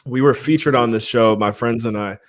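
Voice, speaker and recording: A man's voice: mid-range voice, a little fast. A man from Ohio hosting a livestream podcast, chatting casually, rambling a little and laughing often as he runs giveaways. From Ohio, USA. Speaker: podcast host.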